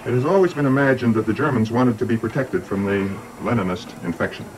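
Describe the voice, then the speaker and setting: An older man presenting a documentary in measured, scripted narration with dry, wry asides. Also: medium pitch, noisy background.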